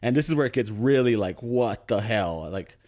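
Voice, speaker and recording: A man's voice: medium pitch, normal speed. Laughing young man telling a story. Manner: animated anecdote with frequent laughs and fillers. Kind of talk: casual podcast storytelling.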